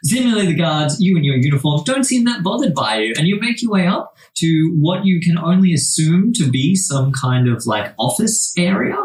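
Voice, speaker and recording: A man narrating as game master in a relaxed, hesitant way, with lots of fillers and restarts. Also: on the high side, moderate pace, hardly any pauses. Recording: roomy, distant mic.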